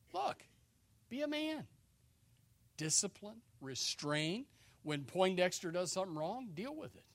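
A high-voiced male preacher with a bright, forceful tone, leaping between murmured asides and shouted calls. He slows right down to stretch out key phrases. The sound is dry and close. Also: no echo. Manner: swings from low quiet asides to loud shouted exhortation. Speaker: pastor. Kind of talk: sermon.

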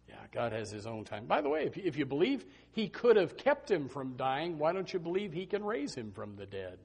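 A man's voice: mid-range voice, gravelly, a little mellow, breathy edge. A man preaching an impassioned, emphatic sermon as pastor.

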